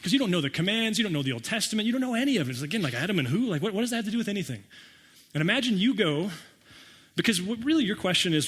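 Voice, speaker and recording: A man's voice: high-pitched, rapid-fire, husky. Man preaching in an echoing hall. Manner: conversational and animated, acts out listeners' reactions with wry humor. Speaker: pastor. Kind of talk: sermon. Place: church sanctuary.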